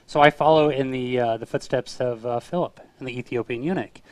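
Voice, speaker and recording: A man's voice: mid-range voice, a little fast, no echo. A man co-hosting a casual talk show, telling anecdotes and acting out the people in them. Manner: animated storyteller who acts out voices in his stories. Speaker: co-host of a street evangelism web show.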